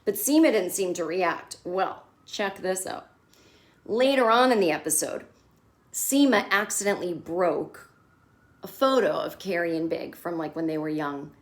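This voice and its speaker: A woman's voice: lowish voice, unhurried. A woman hosting a casual TV recap, candid and sarcastic, and swearing freely. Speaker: comedian host.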